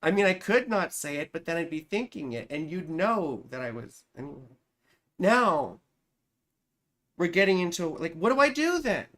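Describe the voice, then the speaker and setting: A woman's voice: on the low side, sing-song, normal speed, fairly bright tone. A woman astrologer giving a casual live-stream reading, chatty and profane, who keeps answering her chat.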